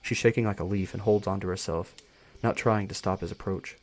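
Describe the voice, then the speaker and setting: Low-voiced man reading a story live. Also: steady tone, a little fast, a little mellow. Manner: casual, stumbles and rereads lines. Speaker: story reader.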